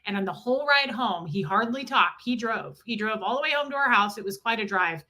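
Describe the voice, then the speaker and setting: A woman co-hosting a live stream, telling a personal story in an earnest, animated way that repeats itself. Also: on the high side, brisk. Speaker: co-host.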